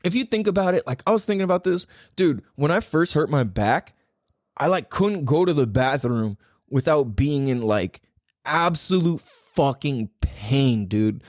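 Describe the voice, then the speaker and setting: A man hosting a podcast, ranting casually with a profane, rambling, animated delivery. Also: a little high, unhurried, dry recording, clean studio sound. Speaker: podcast host.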